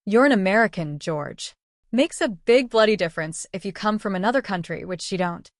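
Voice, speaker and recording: A man's voice: high voice, lively intonation, a little fast, no room sound, clean studio sound. A woman reading an audiobook, voicing a languid, teasing roguish noble husband.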